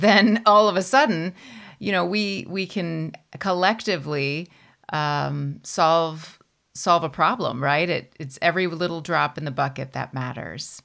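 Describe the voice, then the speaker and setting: A woman's voice: lowish voice, measured pace, creaky, a bit bright. A woman hosting a casual interview, chatting in an affirming, conversational way. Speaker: interview host.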